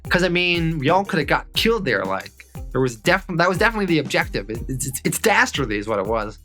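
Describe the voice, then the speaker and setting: Nervous touchy young guy, stammers, bright voice, read by a man. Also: on the high side, very animated, quick pace, faint music behind, voice pushed up. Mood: indignant. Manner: stammering, indignant.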